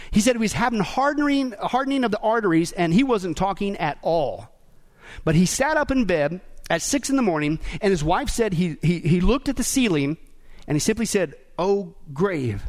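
High-voiced animated male preacher. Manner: animated, rising to shouts at climaxes. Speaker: pastor. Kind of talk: sermon.

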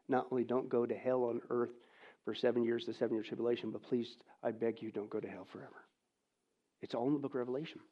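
A man preaching a sermon, switching between hushed pleading and loud, incredulous questioning. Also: mid-range voice, lo-fi sound.

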